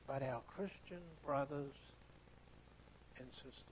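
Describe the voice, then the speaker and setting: A man preaching a sermon with emphatic delivery that swings between hushed, soft phrases and loud, stressed ones. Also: medium pitch, expressive, slow pace, pauses often, husky, rough recording.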